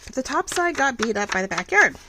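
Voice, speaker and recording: A woman's voice: high voice, sing-song, brisk, noisy background. A woman vlogger chatting casually while she crafts, thinking aloud and restarting her sentences as she goes.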